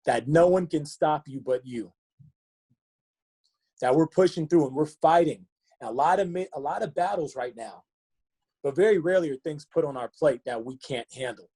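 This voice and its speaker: Male coach giving an earnest motivational talk, warm mellow tone, video call. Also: fairly high pitch, lively intonation, normal speed, pauses often, husky. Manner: earnest, repetitive rhetorical questions. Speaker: fitness coach.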